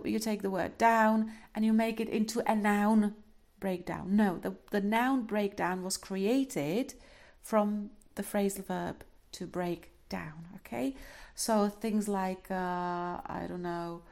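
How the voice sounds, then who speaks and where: A woman lecturing to a class in an unhurried, explanatory way. Her voice sits at a middling pitch. She fills pauses with "uh" and "um" and often checks understanding with a quick "okay?". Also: darkish tone. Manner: explains step by step, ends points with a checking "okay?"; frequent fillers and restarts. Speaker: linguistics lecturer.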